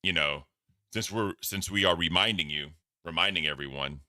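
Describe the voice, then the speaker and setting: A man's voice: low voice, normal speed, sharp tone, dry recording, studio quality. A man hosting a casual stream, commenting on clips in a blunt, rambling, profane way. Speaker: host.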